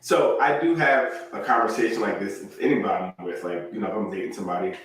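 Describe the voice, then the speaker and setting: Podcast host guy, laughs a lot, acts stuff out, kinda far from the mic in a boomy room. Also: fast, very echoey. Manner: laughs often, acts out little scenes with quoted lines. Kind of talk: casual chat.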